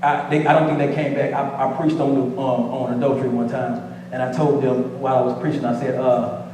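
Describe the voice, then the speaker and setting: A man's voice: mid-range voice, little pitch movement, a little fast, far from the mic, background noise. A male pastor preaching a sermon in a playful, call-and-response way, repeating phrases to the congregation. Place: church sanctuary. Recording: echoey church hall from afar.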